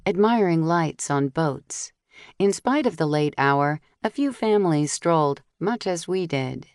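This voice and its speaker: A woman reading a first-person mystery audiobook, telling the story steadily and clearly while voicing the dialogue. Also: deep voice, no echo, studio quality. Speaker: audiobook narrator.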